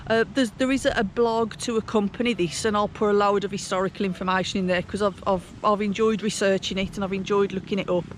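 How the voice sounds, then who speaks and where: A woman's voice: medium pitch, fairly even intonation, quick pace, hardly any pauses, a little hiss or hum. A woman with a Black Country accent hosting a cycling vlog outdoors on a canal towpath, chatting casually with many restarts and fillers.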